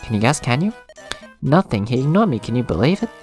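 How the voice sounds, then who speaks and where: A man's voice: mid-range voice, very animated, fast talker, darkish tone, soft background music, lightly acted. A man reading as a vain, bossy young cleric girl. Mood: demanding. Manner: self-absorbed, demanding. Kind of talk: reading game dialogue aloud.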